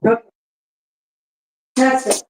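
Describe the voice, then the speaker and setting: A woman's voice: takes it slowly, darkish tone, a little hiss or hum. A woman hosting a cat channel in a casual livestream chat, doing chores at home and cooing baby talk to her cats. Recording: voice from far off the mic.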